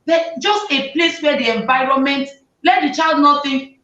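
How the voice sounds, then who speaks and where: A woman, hosting a talk show and giving lively advice to parents, often acting out what parents and children say. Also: high voice, normal speed. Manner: animated, acts out parents' and children's lines. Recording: roomy, distant, dull sound.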